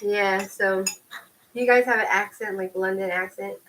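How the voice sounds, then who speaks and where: A woman's voice: medium pitch, steady tone, a little slow, fairly bright tone, slight background noise, low-quality recording. A woman chatting casually with her live viewers in a rambling way, tossing them lots of questions. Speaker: tarot reader chatting with livestream viewers.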